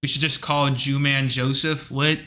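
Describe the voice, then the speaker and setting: Sharp-voiced rambling man. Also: medium pitch, normal speed. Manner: rambling, filler-heavy, animated retelling; blunt, with occasional profanity. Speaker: livestream host. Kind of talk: casual livestream rant.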